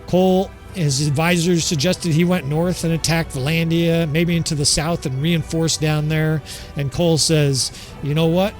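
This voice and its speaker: Man, gameplay commentary, casual, candid, swears often, slightly high voice, faint music behind. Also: fairly even intonation, normal speed. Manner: candid, swearing, addresses viewers as fellas. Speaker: gaming channel host.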